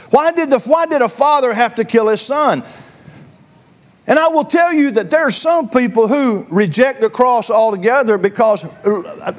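High-voiced earnest male preacher. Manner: earnest, repeats words, lively questioning. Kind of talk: sermon. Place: church.

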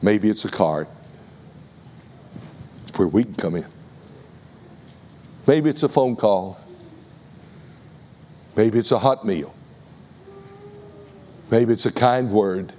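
A man with a Texas accent preaching a sermon, deliberate and addressing the congregation with questions. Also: fairly low pitch, animated, mellow, in a large hall, slight background noise.

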